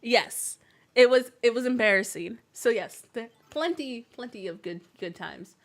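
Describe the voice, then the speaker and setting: A woman's voice: on the high side, measured pace. A young woman, chatting casually on a game stream and telling family stories between laughs. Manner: chatty, laughing often, many fillers.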